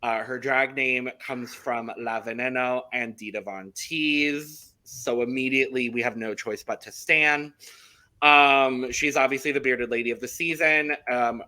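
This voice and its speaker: A man with a very bright, forceful voice, chatting casually as a podcast co-host. He reads out details with plenty of enthusiasm. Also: medium pitch, steady tone, measured pace. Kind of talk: casual chat.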